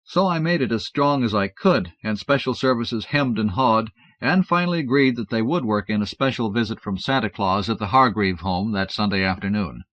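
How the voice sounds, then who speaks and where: A man with a fairly low voice reads a first-person story aloud in a wry, matter-of-fact manner. The recording is a dull, dry old cassette with no room sound at all. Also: expressive, normal speed, few pauses, a bit bright, no echo. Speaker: audiobook narrator. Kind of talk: first-person audiobook narration.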